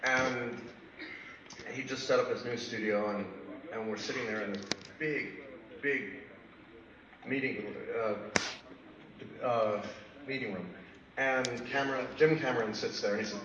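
A man on a panel telling an animated anecdote, laughing often. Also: medium pitch, a little slow, long pauses, dull audio, a crowd in the background. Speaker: panel guest, comic writer. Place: convention hall stage. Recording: echoey hall from far off, clear background noise.

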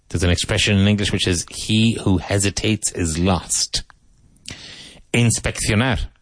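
A man teaching English vocabulary, saying each word slowly, repeating it and spelling it out, with tips on pronunciation. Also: fairly low pitch, no echo. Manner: slow, deliberate, repeats and spells out words.

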